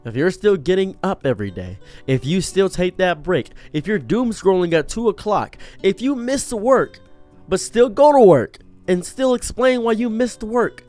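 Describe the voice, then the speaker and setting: A man's voice: high-pitched, animated, moderate pace, a little mellow, faint music behind. A man giving an earnest motivational monologue, preachy and direct, acting out the voices he quotes. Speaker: streamer giving a pep talk.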